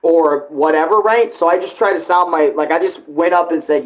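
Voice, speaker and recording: A man's voice: a little high, normal speed. A man chatting loosely about his own song cover, swearing and restarting sentences often. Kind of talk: casual rambling commentary.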